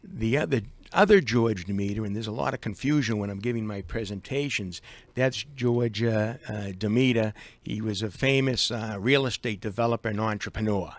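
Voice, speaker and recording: A man with a Boston accent, a guest on a live radio interview, speaking haltingly with many fillers and restarts. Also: on the low side, no room sound. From Boston, USA. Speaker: guest, attorney.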